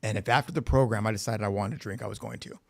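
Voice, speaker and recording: A man talks very fast in a lowish, gravelly, slightly mellow voice with fairly even intonation. At a recovery facility meeting room, he offers personal testimony about his recovery, candid and sweary, voicing the quoted dialogue himself.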